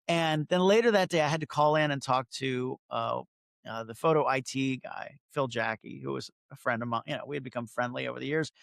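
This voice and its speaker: Middle-aged male guest, slightly high, gravelly voice, dry close mic, chatty anecdotes. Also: fast talker, a bit bright, no echo. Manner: chatty, self-interrupting, acts out quoted dialogue. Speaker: photographer, interview guest. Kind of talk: casual storytelling interview.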